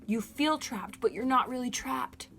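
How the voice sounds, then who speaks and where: A woman's voice: high-pitched, unhurried, a bit bright, soft background music. A woman giving a collective tarot reading, earnest and emotional, encouraging her viewers directly. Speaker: tarot reader.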